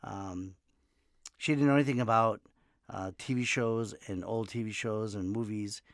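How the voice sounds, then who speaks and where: A man's voice: fairly low pitch, steady tone, normal speed, dry recording, studio quality. A man in his fifties, a comedian and podcast host, telling casual stories in a rambling way and laughing often. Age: 50s. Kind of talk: casual monologue. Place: home in Los Angeles.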